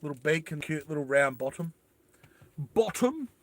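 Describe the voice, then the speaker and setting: A man's voice: on the high side, sing-song, moderate pace, no room sound. A man hosting a live stream, chatting casually with viewers and reading their comments in a rambling, self-deprecating way. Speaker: livestream host.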